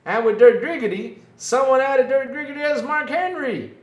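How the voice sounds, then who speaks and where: A man's voice: extremely high pitch, moderate pace, reverberant. A man hosting a casual livestream, joking with the chat and playing up mock hurt, laughing often. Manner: playful, self-mocking, laughs often, mock-whiny. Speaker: livestream podcast host. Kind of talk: casual live-chat banter.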